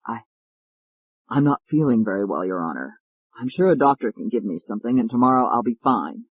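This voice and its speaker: A hoarse, feverish defense lawyer, voiced by a male audiobook narrator, low and strained yet pressing on. The voice sounds dry and close, with no room around it, and it pitches a little lower than the narration. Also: brisk, no echo, muffled recording, lightly acted.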